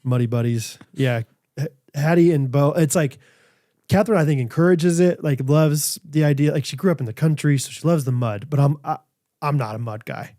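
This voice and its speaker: Thirties guy rambling on a podcast mic, mellow tone, kinda high voice. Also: a little fast, no room sound, clean studio sound. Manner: rambling, animated storytelling with fillers. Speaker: podcast co-host. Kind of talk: casual chat with ad reads.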